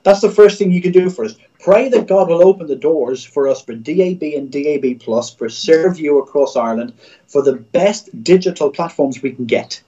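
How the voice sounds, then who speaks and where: A man's voice: a little high, normal speed, dark tone, muffled recording. A middle-aged man, a Christian radio executive, speaking as a guest in a livestream interview over a video call, in an earnest, preacher-like way with repeated phrases.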